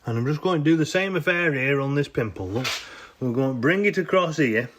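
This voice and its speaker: This man's voice is on the high side and fairly bright, with lively intonation and a fairly quick pace, plus slight background noise. Filming himself on a handheld camera beside his jacked-up off-roader, he rambles and corrects himself while showing his work in a casual hands-on vlog.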